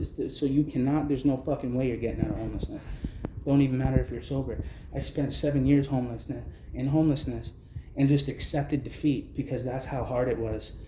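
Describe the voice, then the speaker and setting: A Canadian vlogger angrily recounts his own time being homeless, speaking bluntly and with agitation, swearing throughout. His voice is mid-range, and the recording sounds roomy with background noise.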